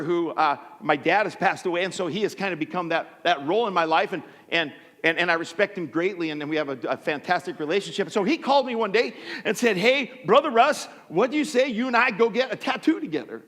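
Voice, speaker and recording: Middle-aged pastor, high lively voice, comic self-deprecating sermon storyteller, church with long reverb. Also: male voice. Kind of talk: sermon with personal stories. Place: church sanctuary.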